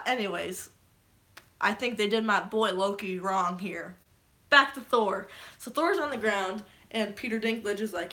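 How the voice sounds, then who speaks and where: A young woman recapping a movie on a live stream, rambling and swearing freely, with sudden excited shouts. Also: a little high, normal speed. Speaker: vlogger.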